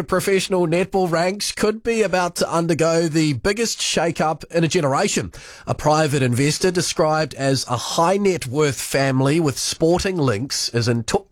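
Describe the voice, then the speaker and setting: A man with a New Zealand accent reading a brisk radio sports bulletin on a studio mic. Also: a little high, no echo. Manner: brisk, self-deprecating about hiccups. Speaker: sports newsreader. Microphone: studio broadcast mic.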